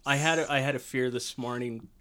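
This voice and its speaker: A man's voice: medium pitch, fairly even intonation, brisk, a bit bright. A man co-hosting a movie podcast, chatting casually in a wry, teasing way. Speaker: podcast co-host. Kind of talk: casual chat.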